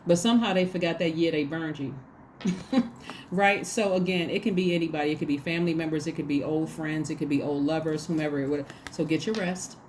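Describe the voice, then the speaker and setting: In a low, slightly mellow voice and at a somewhat fast clip, a tarot reader delivers a casual reading. She talks emphatically and plays out small quoted conversations, with a bit of hiss or hum in the background.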